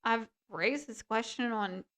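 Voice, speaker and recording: A woman co-hosting a casual podcast, talking in an animated, indignant way and laughing often. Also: on the high side, a little slow. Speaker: podcast co-host.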